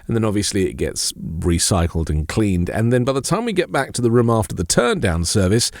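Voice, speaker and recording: A male podcast host talks through his advice in a chatty, eager way. His voice is fairly low, and it is recorded dry and close, with no room sound. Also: big pitch swings, fairly quick, no echo. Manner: chatty, giving tips with enthusiasm. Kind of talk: casual podcast chat.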